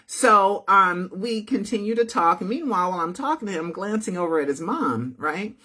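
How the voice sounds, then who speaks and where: A woman's voice: medium pitch, animated, brisk, sharp tone. A woman telling a story to her viewers in a casual, chatty way, often checking in with "right?" and "okay?". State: feeling unwell.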